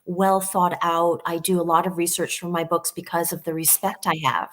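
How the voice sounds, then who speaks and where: Woman author guesting on a live video chat, earnest, chatty storyteller, slightly low voice. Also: normal speed. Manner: earnest, animated storytelling with frequent fillers.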